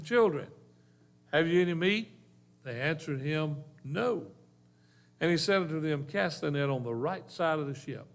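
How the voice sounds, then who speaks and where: Folksy preacher, earnest and plain. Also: male voice, mid-range voice, a little mellow. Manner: folksy, earnest preaching with rural turns of phrase. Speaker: pastor. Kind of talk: sermon. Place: church.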